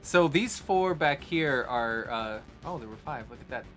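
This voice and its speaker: A man's voice: medium pitch, expressive, a little slow, a bit bright, soft background music. A man running a tabletop game as game master, explaining rules and describing scenes in a casual, laughing way.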